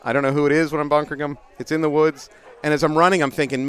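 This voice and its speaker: A middle-aged man, casually telling animated paintball stories as a livestream commentator outdoors. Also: a little high, rapid-fire, clear, resonant tone. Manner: animated, laughing storyteller.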